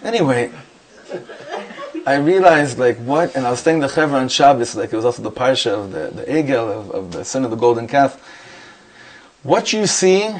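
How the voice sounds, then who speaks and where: A middle-aged man with a middle-range voice tells a story the way a rabbi warms up his class. He is animated and acts out the dialogue of the people in his tale. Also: mid-range voice, fast, few pauses. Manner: animated anecdotes with quoted dialogue. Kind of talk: storytelling before a Torah class.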